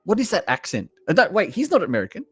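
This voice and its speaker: A man's voice: high voice, fast, breathy edge. A man from Australia, hosting a casual live stream and chatting to viewers about trailers. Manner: chatty, talks to chat viewers, lively asides. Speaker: livestream host reacting to trailers. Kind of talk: casual live reaction chat.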